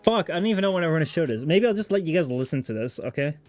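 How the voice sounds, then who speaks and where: A man's voice: a little high, animated, very fast, darkish tone, faint music behind. A man from the Netherlands chatting casually with his livestream viewers, rambling, swearing and mocking himself. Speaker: streamer.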